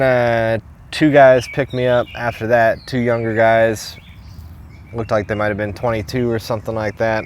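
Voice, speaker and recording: A man's voice: medium pitch, a little hiss or hum. A young man from New York telling a hitchhiking story in loose, casual talk, swearing freely and laughing often. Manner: loose and profane, laughs often, lots of fillers.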